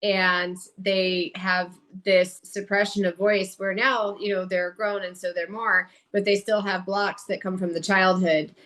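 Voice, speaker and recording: A woman's voice: medium pitch, little pitch movement, unhurried, hardly any pauses, a bit bright. Frank, explanatory woman guest. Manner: frank, explanatory, casual swearing. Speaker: podcast guest, medical medium. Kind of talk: casual podcast chat.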